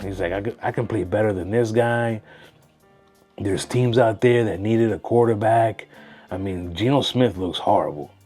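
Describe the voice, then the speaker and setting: A man casually talking through sports picks on his own channel, slangy and animated, dropping Spanish phrases. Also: mid-range voice. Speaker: sports vlogger.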